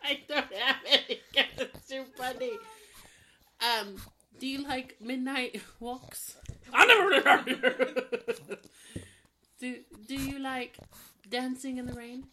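A woman's voice: sits high, slow pace, pauses often, pushed and bright. A woman chatting in a bubbly, silly way, giggling and asking her dog playful questions. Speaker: pet owner vlogging. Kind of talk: casual chat.

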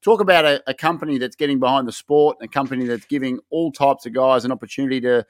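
A man's voice: mid-range voice, steady tone, quick pace, dry recording. A man co-hosting a casual podcast, building up segments with over-the-top hype. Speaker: podcast co-host.

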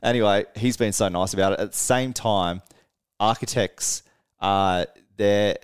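Low-voiced man telling a rowdy tour story. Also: unhurried, smooth. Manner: animated, laughs often, swears freely. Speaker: podcast co-host, band musician. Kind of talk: casual storytelling chat.

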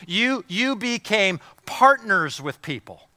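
A man preaching a sermon as pastor, passionate and repeating words, swinging between loud emphasis and hushed, quiet lines. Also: high-pitched, very animated, slow pace, dry recording.

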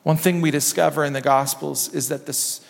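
A man preaching a sermon in a church, impassioned, repeating phrases and dropping low and soft for emphasis. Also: steady tone, fairly quick, creaky. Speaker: pastor. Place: church sanctuary. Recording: long reverb of a church hall.

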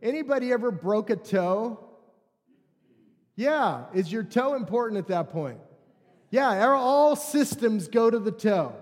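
Man, pastor, sermon, high voice, animated and joking, church hall with long reverb. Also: moderate pace. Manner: animated, conversational, jokes with the congregation.

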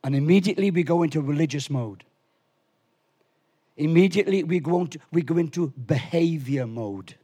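Animated husky-voiced male preacher. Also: fairly high pitch, moderate pace. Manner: animated, swings from quiet to shouting. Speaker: pastor. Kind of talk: lively sermon. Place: church.

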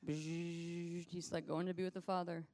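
A woman preaching a casual, conversational sermon, animated and acting out scenes as she tells them. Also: fairly low pitch, unhurried.

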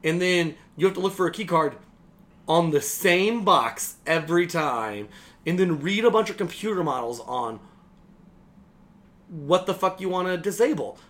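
A young man co-hosting a podcast, ranting casually about a video game in a sarcastic, animated way, swearing freely and acting out lines. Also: high-pitched, normal speed. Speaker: podcast co-host. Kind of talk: casual game critique chat.

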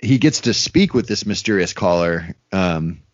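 A man's voice: low-pitched, lively intonation, a little slow, no room sound. A man co-hosting a casual podcast, rambling with lots of fillers and acted-out quotes. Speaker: podcast co-host. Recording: dry, dull lo-fi sound.

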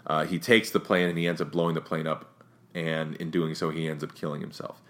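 A man with a very low, deep voice talks through a film review in a loose, offhand way. He rambles and restarts often, and livens up when he gets to his complaints. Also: fairly quick. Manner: rambling, frequent restarts and fillers; opinionated, gets more animated when critiquing. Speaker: movie reviewer. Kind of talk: casual spoken movie review.

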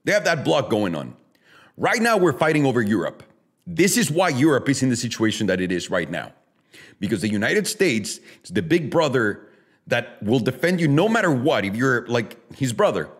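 A man's voice: mid-range voice, big pitch swings, normal speed, breathy edge. A man hosting a casual solo podcast, ranting bluntly with heavy swearing and throwing rhetorical questions straight at his listeners. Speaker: podcast host.

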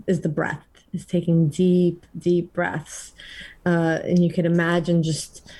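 A woman who is a podcast guest, explaining calmly and in a measured way how the body responds to stress. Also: fairly low pitch. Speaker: podcast guest, trauma educator. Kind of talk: explanatory conversation.

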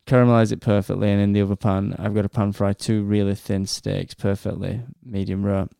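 A man's voice: on the low side, level tone, fairly quick, vocal fry, mellow, smooth, no room sound, clean studio sound. A man in his thirties with a Northern English accent, co-hosting a podcast and telling rambling, sweary anecdotes in casual chat. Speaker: podcast co-host.

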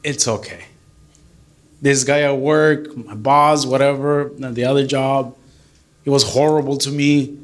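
A middle-aged man who is a deacon, giving an earnest, animated church talk to a group and mixing English with Spanish. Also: medium pitch, a little slow.

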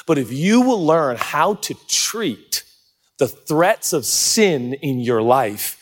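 A male pastor preaching a sermon in a large church, telling jokey stories with excitable, sudden loud outbursts. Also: a little high, takes it slowly.

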